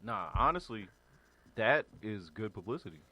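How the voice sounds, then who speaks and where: A man's voice: on the low side, big pitch swings, moderate pace, creaky, pushed and bright. A man co-hosting a casual podcast who mostly answers with short reactions and teasing quips. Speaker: podcast co-host.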